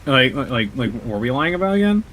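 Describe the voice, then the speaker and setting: A man's voice: medium pitch, sing-song, fast talker, a crowd in the background. A man talking casually as a player in a tabletop game, hesitant and stammering. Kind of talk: casual chat.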